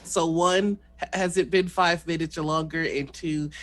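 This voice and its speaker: A man playing in a tabletop game, asking rules questions in a halting way with restarts. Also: on the high side, steady tone, a bit bright. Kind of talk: casual chat.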